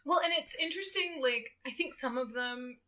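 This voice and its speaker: A woman guesting on a podcast, recapping a book in casual chat, animated and giggly as she tells it. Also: high voice, brisk. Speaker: guest co-host.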